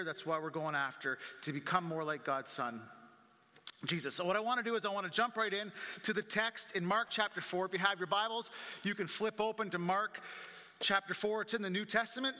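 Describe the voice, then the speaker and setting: Pastor with a high, sharp voice, vivid dramatic storyteller, echoey church hall. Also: male voice. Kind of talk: sermon. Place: church sanctuary.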